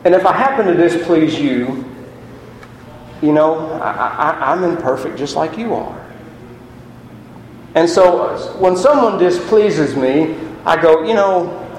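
A man preaching a sermon as pastor, chatty and lively, asking the congregation rhetorical questions. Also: a little high, slow pace, long pauses, a little hiss or hum. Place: church sanctuary. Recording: echoey hall.

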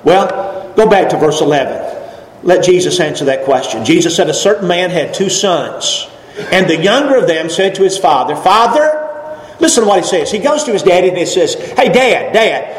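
A man's voice: high voice, expressive, normal speed. A man preaching a sermon as pastor, folksy and emphatic, with jokes and rising exclamations. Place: church sanctuary. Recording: echoey church hall with faint ambience.

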